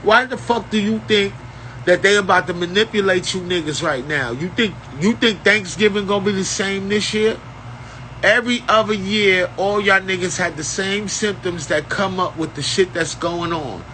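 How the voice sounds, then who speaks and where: Man, unscripted rant, profane, lecturing, bright edge, slightly raised pitch. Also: normal speed, a little hiss or hum, rough recording. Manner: profane, preachy, lecturing in street slang. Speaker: self-styled spiritual teacher. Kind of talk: unscripted spiritual rant to camera.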